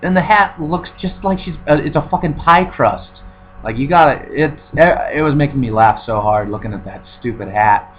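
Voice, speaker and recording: A man reviews a film in a sarcastic, profane, rambling chat packed with filler words. His voice is a little high and expressive at a moderate pace, and the recording sounds dull with a faint hum.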